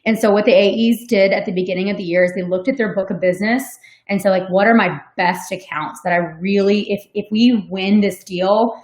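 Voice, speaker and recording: A woman fields audience questions during an online webinar, speaking in a relaxed, conversational way with plenty of ums and likes. Her voice sits at an ordinary middle pitch. The sound is roomy, with a clear echo around her. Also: fairly quick. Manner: conversational, frequent "um" and "like", laughs easily. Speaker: sales development manager on a webinar. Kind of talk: webinar Q&A, casual explanation. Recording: echoey room.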